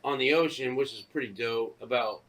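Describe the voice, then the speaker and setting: A man's voice: mid-range voice, normal speed, a bit bright. A man co-hosting a casual podcast, telling stories in a profane, ranting way. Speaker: podcast co-host. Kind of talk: casual chat.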